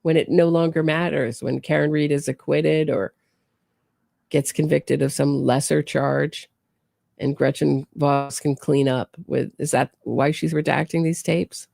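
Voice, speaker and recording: A woman's voice: deep voice, fairly even intonation, a little slow, gravelly, mellow, no echo, clean studio sound. A woman hosting a true crime show, giving sarcastic, incredulous commentary full of pointed questions. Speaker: true crime podcast host.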